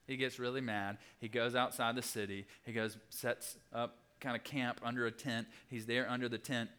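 A young adult man preaching a sermon, animated, acting out the people in the story with big jumps in his voice. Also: normal speed. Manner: animated, acts out voices with big pitch swings. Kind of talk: sermon teaching.

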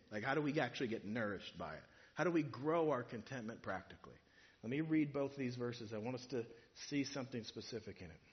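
A man's voice: mid-range voice, dull audio. A man preaching a sermon in a church, in a conversational way that builds to emphatic points. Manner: conversational, rising to emphatic, acts out imagined speakers.

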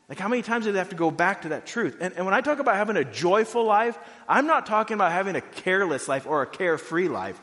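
A pastor preaching a sermon in a conversational way, full of "like"s, going from quiet and low to loud and high. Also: male voice, lively intonation, quick pace, long reverb tail. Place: church hall.

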